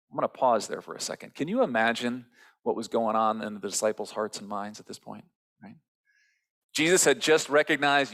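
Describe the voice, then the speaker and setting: A man preaching a sermon in a relaxed, chatty manner, with a voice of average pitch. He retells a scripture story with easy, conversational phrasing and asks the listeners questions. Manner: conversational storytelling, acting out quotes. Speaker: pastor.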